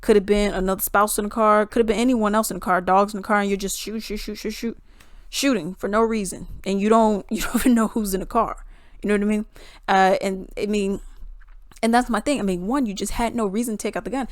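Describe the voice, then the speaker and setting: A woman giving casual, blunt commentary, animated and acting out what others said. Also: mid-range voice, quick pace, dry recording, studio quality. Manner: blunt, animated, acts out quotes in voices.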